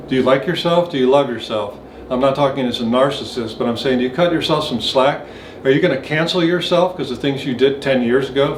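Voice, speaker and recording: A man's voice: mid-range voice, echoey room, a little hiss or hum. A man giving an earnest reflective monologue, speaking straight to the listener with many rhetorical questions. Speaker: motivational speaker.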